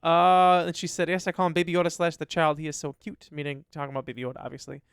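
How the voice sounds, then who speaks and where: A man's voice: a little high, flat delivery, fast, gravelly, smooth, dry recording, studio quality. A man co-hosting a casual podcast, reading listener comments aloud and chatting about them. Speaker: podcast co-host. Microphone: studio dynamic mic.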